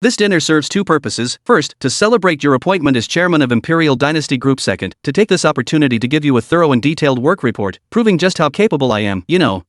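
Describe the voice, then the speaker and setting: A man's voice: a little high, animated, fast talker, few pauses, no room sound, close to an everyday voice. A man voicing a flirtatious, scheming female deputy manager with a teasing inflection, read in a dry recording.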